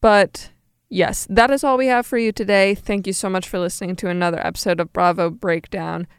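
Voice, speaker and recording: A woman's voice: mid-range voice, fairly even intonation, fairly quick, smooth, dry recording, studio quality. A young woman co-hosting a podcast, chatting casually about a reality show with bursts of exasperation. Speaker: podcast co-host.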